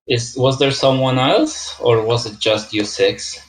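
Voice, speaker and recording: A man's voice: medium pitch, measured pace, slight background noise. Male league host, casual and chatty, echoey room. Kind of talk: casual esports league preview.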